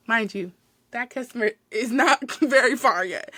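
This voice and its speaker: A young woman hosting a podcast, telling retail stories in a sassy, animated, profane way. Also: on the high side, normal speed, dry recording. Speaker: podcast host, retail manager. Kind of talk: casual storytelling.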